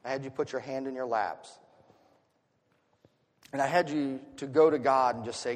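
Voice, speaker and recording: A middle-aged man preaching a sermon as pastor, dropping to a hush and then rising loud in an expressive delivery. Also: mid-range voice, moderate pace, pauses often, slight background noise. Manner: expressive, swinging from hushed to loud. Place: church sanctuary. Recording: long reverb of a hall.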